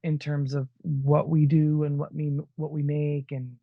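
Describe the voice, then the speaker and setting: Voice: medium pitch, flat delivery, a little slow, no echo, narrow, tinny audio. A podcast co-host in casual chat, rambling and enthusiastic with many restarts.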